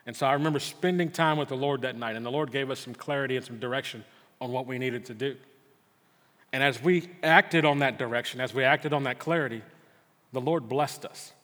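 A man's voice: mid-range voice, a little fast, fairly bright tone. A middle-aged man preaching a sermon in a church, telling a personal story in an earnest way with frequent stammered restarts. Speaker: pastor. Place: church sanctuary. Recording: long hall reverb.

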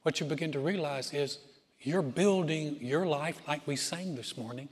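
A male pastor preaching a sermon in a church auditorium, telling stories earnestly and dropping to soft, quiet phrases. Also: on the high side, slightly rough. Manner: earnest storytelling with dramatic pauses, softening to near-whisper. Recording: reverberant hall with music behind.

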